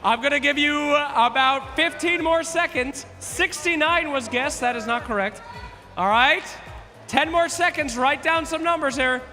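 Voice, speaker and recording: A man hosting a quiz at a live event, loud and playful, teasing contestants and shouting out to the crowd. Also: very high voice, a little slow. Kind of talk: energetic stage hosting to a crowd. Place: large live event arena. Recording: echoey arena hall with music.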